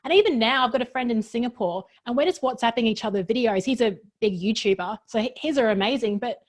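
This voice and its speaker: A woman's voice: a little high, fast. Earnest woman workshop facilitator. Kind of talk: casual interview chat.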